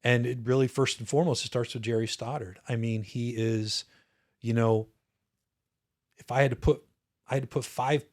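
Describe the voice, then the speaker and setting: A man in his fifties speaks as a guest in a relaxed conversation. He looks back earnestly and thoughtfully, stopping and restarting his phrases as he goes. His voice sits at an ordinary middle pitch for a man. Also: moderate pace, long pauses. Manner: earnest, reflective, frequent restarts. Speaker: podcast guest, retired officer. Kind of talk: casual interview storytelling.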